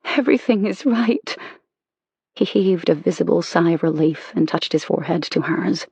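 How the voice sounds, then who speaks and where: Husky, gravelly audiobook narrator. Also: mid-range voice, level tone, darkish tone, no room sound. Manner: intimate, measured reading. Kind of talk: scripted romance narration.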